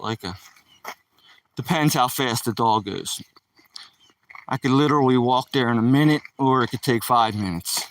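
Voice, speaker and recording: A man's voice: medium pitch, a bit bright, no echo, recorded from a distance, rough recording. A man live streaming while he walks his dog on a rural dirt road, chatting loosely with the viewers in his chat.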